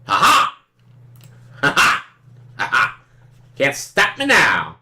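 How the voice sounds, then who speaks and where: A woman's voice: a little high, huge pitch swings, measured pace, pauses often, pushed and bright. A woman streamer giving casual commentary on a card game, playful and sarcastic, acting out both sides of the table and swearing freely.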